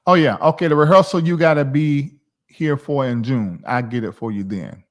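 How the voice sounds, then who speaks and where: A man in his forties from the South, chatting casually on his livestream in a rambling, animated way. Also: medium pitch, moderate pace. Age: 40s. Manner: rambling, animated, talks to chat viewers by name. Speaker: livestream host.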